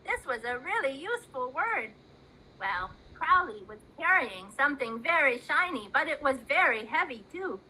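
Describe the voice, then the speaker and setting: A woman narrating a picture story to teachers, slowly and expressively, adding gasps and sound effects. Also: high voice, sing-song, bright, forceful tone, rough recording. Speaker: storyteller and workshop presenter.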